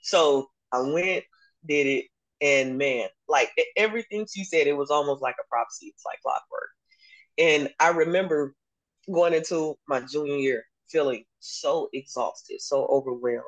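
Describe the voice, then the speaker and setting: A young adult woman, a basketball coach, telling her story in a casual interview and acting out the dialogue with lively laughs. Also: deep voice, moderate pace, rough recording. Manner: animated, acts out dialogue, laughs often. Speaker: basketball coach and podcast guest.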